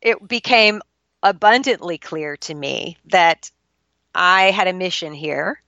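A woman's voice: fairly low pitch, slow, sharp tone, dry recording, highs cut off. A middle-aged woman, a podcast guest, telling a personal story in an earnest, confessional and emotional way.

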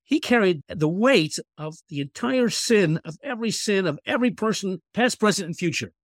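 A man who is a guest author, chatting earnestly on a faith podcast and reading scripture slowly. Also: high voice, animated, dry recording, studio quality. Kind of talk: casual faith podcast chat.

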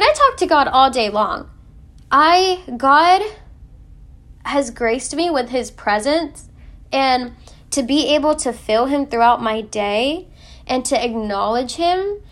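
A young woman sharing a personal faith testimony in an earnest, emotional way, with many fillers. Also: high-pitched. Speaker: faith vlogger.

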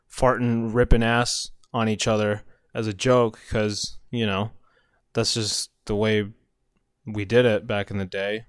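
A middle-aged man tells a loose, rambling story and keeps breaking into chuckles between phrases. His voice sits a little low and sounds smooth and resonant. It is recorded dry and close, with no room sound around it. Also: no echo. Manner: rambling, chuckles often mid-sentence. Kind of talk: casual spoken anecdote.

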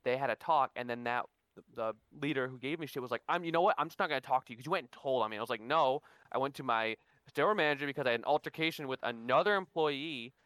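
A man telling workplace stories in a casual podcast chat, animated and swearing freely. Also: mid-range voice, quick pace, smooth, no echo. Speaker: podcast co-host.

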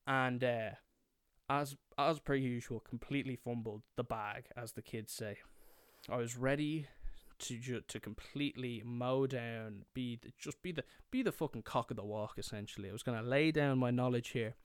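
A man's voice: mid-range voice, normal speed, smooth, no echo, clean studio sound. A young man with an Irish accent telling a comic story, swearing a lot and acting out the people in it. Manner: swears a lot, acts out his younger self and friends.

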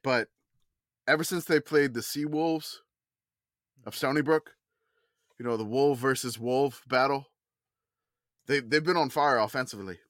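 A man's voice: medium pitch, measured pace, long pauses, fairly bright tone, no room sound. Podcast co-host, male, rambly and self-correcting, dry close-mic sound. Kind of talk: casual sports chat.

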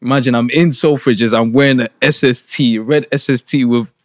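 A young man from Nigeria co-hosting a podcast, telling stories in animated, slangy casual chat. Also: medium pitch, moderate pace, dry recording, clean studio sound. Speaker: podcast co-host.

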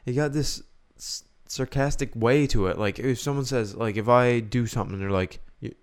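A man's voice: mid-range voice, normal speed, clean tone. A young man co-hosting a podcast, chatting casually and rambling as he thinks aloud. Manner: rambling, restarts and muses aloud. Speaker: podcast co-host. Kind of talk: casual chat.

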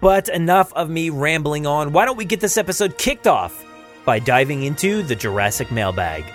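A man's voice: a little high, very animated, normal speed, soft background music. A man hosting a podcast in a casual, upbeat way, rambling with lots of fillers. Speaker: podcast host.

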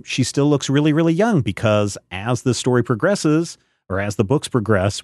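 A man's voice: medium pitch, no room sound, clean studio sound. A man hosting a podcast in casual chat, rambling and searching aloud for names and details. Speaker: podcast host.

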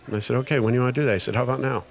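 This middle-aged man talks rapid-fire at a medium pitch as a guest telling his recovery story. The conversation is casual, and he brings it to life by performing the dialogue he quotes, with many fillers throughout.

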